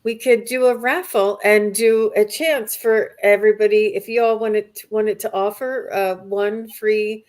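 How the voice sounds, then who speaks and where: A woman hosting a spiritual livestream, soft-spoken and gushing as she thanks her viewers. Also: medium pitch, steady tone, a little slow, few pauses. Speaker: livestream host. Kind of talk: live stream chat.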